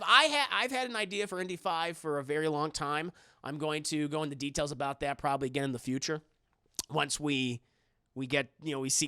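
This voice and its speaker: A man's voice: a little high, pushed and bright, dry recording, studio quality. A young adult man on a live stream, chatting casually and reacting to viewers' comments in a rambling way, often restarting his sentences.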